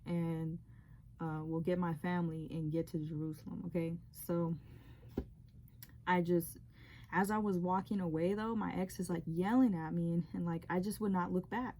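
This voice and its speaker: A woman's voice: on the low side, steady tone, normal speed, warm tone, slight background noise. A young woman telling a personal dream story in a rambling, emotional way, with many fillers. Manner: rambling, heavy use of "like". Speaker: vlogger sharing a testimony.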